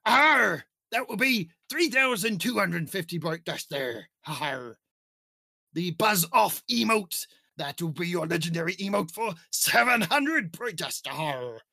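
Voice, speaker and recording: A man's voice: sits high, sing-song, measured pace, creaky, bright, forceful tone, no echo, clean studio sound, full character voice. A man putting on a hammy pirate captain voice, growling "arr" as he reads out a list. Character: gruff male pirate captain reading a store list. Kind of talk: goofy pirate voice bit.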